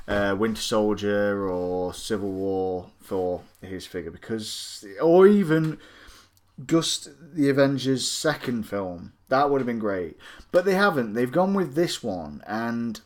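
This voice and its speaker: A man, casually reviewing a collectible figure and its magazine in a rambling, jokey way. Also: medium pitch. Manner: rambling and jokey, with many fillers and asides.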